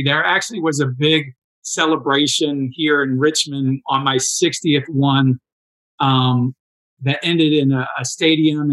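A man in his sixties telling stories in a casual interview, animated and acting out quoted dialogue. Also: mid-range voice, poor audio. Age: 60s. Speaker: interview guest, endurance athlete.

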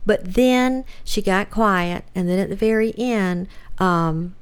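A middle-aged woman, quietly and haltingly telling a family story in casual conversation. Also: mid-range voice, clear, resonant tone. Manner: halting, soft-spoken, laughs through tears. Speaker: guest relative.

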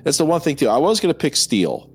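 An American man co-hosting a casual film discussion, animated, with frequent hesitant restarts. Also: a little high, quick pace, breathy edge. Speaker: co-host.

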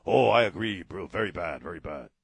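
A radio host putting on a scheming, mock-polite foreign leader with an exaggerated accent in a comedy bit. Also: male voice, sits low, lively intonation, fairly quick, gravelly, slightly rough, dry recording, full character voice. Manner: exaggerated put-on accent, clipped phrases.

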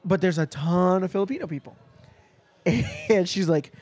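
Young man, casual podcast storyteller: high voice, laughs often, plays the people in his anecdotes. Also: normal speed, a little mellow, no room sound. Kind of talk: casual chat.

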